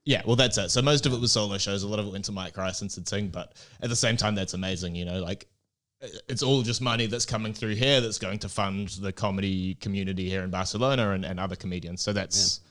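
A man co-hosting a casual chat show, telling a story in a relaxed, rambling way with plenty of fillers. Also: lowish voice, fast. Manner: easygoing, rambling anecdotes with many fillers. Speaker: comedy club co-owner and podcast co-host. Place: comedy club in Barcelona.

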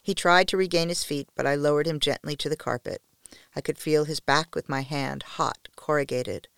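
A woman podcast storyteller reading a first-person story in a soft, intimate manner, often near a whisper, with a gravelly voice. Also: sits low, steady tone, moderate pace, dry recording, studio quality.

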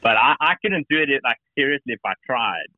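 A man's voice: medium pitch, expressive, a little fast, dry recording. South African man on a tinny phone line. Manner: friendly, rambling storyteller. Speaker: company founder, guest. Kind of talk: casual phone interview.

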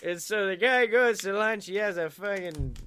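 A man's voice: sits high, normal speed, sharp tone, clean tone. A man co-hosting a comedy podcast, telling a rambling, profane joke and laughing at his own lines. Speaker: podcast co-host.

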